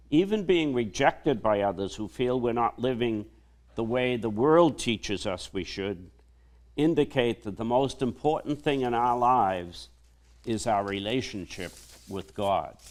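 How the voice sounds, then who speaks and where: Slow, measured priest preaching a homily. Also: male voice, mid-range voice.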